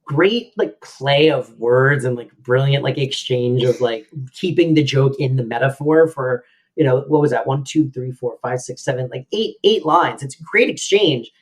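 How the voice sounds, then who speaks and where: A woman's voice: very deep voice, moderate pace. A woman from Florida co-hosting a podcast, chatting casually and ranting in exasperation about a sitcom. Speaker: podcast co-host. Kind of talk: casual chat recapping a sitcom.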